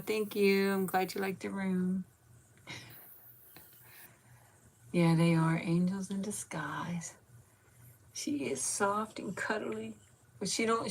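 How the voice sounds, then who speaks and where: A woman in her fifties hosting a casual live chat, cooing baby talk at her pet and thanking viewers by name. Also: medium pitch. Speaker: channel host.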